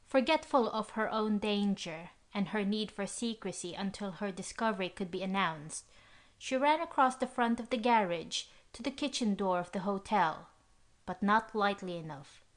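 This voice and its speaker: A woman narrating a classic mystery audiobook in an even storytelling manner. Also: mid-range voice, normal speed. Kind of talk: scripted narration.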